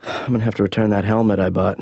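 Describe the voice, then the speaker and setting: A man voicing a lazy young adult son who talks in a mumbling, deadpan ramble. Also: lowish voice, rapid-fire, no room sound, natural voice. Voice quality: gravelly. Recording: dull lo-fi sound, dry.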